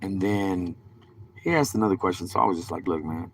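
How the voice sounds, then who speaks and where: A man's voice: low voice, animated, brisk, a little hiss or hum. A young man telling rambling stories on a live stream, full of cursing and street slang. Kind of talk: casual rambling storytelling.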